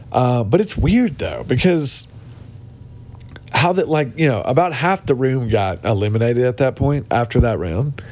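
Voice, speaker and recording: A podcast host with a medium-pitched, expressive, slightly mellow voice talks at a moderate pace. In a casual monologue he rants bluntly and mocks people, recording in a cabin with other people around and without his usual podcast mic.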